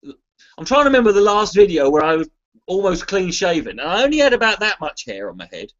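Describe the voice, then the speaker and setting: An English man with a fairly high voice rambles to his viewers, cursing often and tripping over his own sentences. The audio is a bit dull and muffled, like a lo-fi stream recording. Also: sing-song, fairly quick, fairly bright tone. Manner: rambling, swears freely, restarts sentences. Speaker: charity livestream contributor. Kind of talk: casual rambling chat to a live stream.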